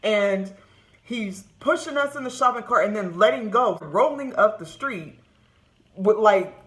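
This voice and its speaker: A woman's voice: medium pitch, a little slow. A woman from California telling funny childhood stories straight to the camera, laughing often and acting out what people said. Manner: laughs often, lively retelling with acted quotes. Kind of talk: casual storytelling to camera. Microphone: camera close-up.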